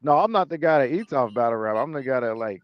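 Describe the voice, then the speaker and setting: A man guesting on a video call, talking casually about his work with halting restarts and laid-back slang. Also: mid-range voice, lively intonation, dry recording. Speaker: interview guest, battle rapper and league owner. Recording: dull lo-fi video call audio.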